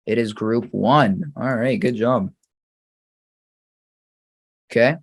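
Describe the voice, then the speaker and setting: A man teaching an English grammar lesson, reading example sentences slowly and quizzing the viewer patiently. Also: mid-range voice, breathy edge.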